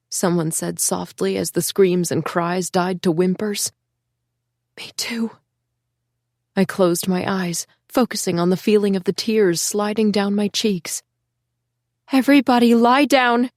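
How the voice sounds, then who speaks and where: A woman reading a first-person thriller audiobook in an emotional, hushed storytelling voice. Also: on the low side, no echo, studio quality. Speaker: audiobook narrator.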